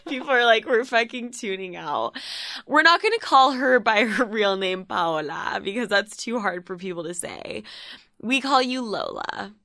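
A young woman hosting a podcast, playful and quick, teasing her guest and swearing casually. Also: mid-range voice, animated, sharp tone, dry recording, studio quality. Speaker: podcast host. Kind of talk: casual chat and ad read.

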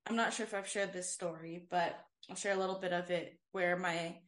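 This young worship leader, co-hosting a casual faith podcast, talks fairly quickly in a lowish, steady voice. She shares a personal story earnestly, wandering as she goes and filling it with "like" and "um."

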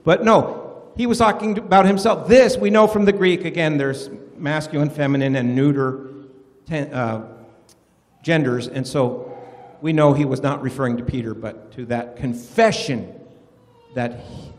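A man preaching a sermon, animated and quizzing his listeners with questions. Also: fairly high pitch, unhurried, long reverb tail. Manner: animated, asks the congregation questions.

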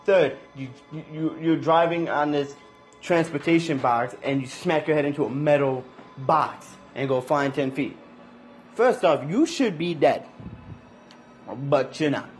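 Casual male reviewer, higher-pitched, slangy and excitable, light music bed. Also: unhurried. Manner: loose slangy talk, frequent restarts, animated. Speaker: anime reviewer.

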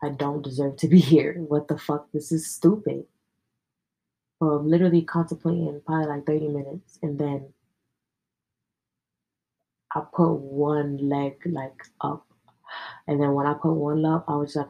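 A young adult woman hosts a podcast, sharing personal stories in a casual, slangy, candid style sprinkled with plenty of profanity. Her voice is low and warm, with a steady tone, normal speed, and long pauses. The recording quality is poor.

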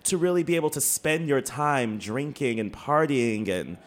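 A man co-hosting a casual podcast chat, animated and swearing, with lots of fillers and laughs. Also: mid-range voice, moderate pace. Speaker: podcast co-host.

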